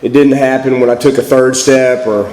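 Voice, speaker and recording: Texan man, hoarse from a cold, speaker at a recovery meeting; casual and self-deprecating; roomy reverberant hall. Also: medium pitch, fairly even intonation, normal speed, darkish tone. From Texas. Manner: folksy, self-deprecating, joking. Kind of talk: personal recovery talk. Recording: echoey hall.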